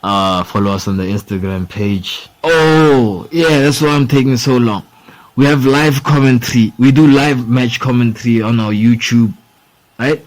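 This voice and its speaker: A man's voice: on the low side, rough recording. A young man hosting a sports podcast, rambling in casual talk, swearing freely and saying "bro" and "dude" a lot. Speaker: podcast host.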